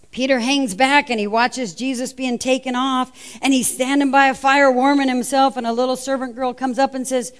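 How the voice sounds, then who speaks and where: Woman preaching with lively, storytelling energy. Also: sits high, clean tone. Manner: animated storytelling, acting out the quotes. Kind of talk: sermon.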